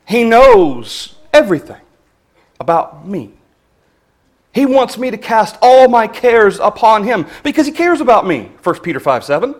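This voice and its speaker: A man preaching a sermon in an earnest, measured way, reading scripture passages with emphasis. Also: high voice, big pitch swings.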